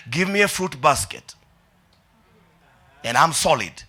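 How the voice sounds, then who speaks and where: Speaking slowly with long pauses, a male pastor in a slightly high voice leads an energetic church sermon. He frequently shouts and has the congregation say his words back to him.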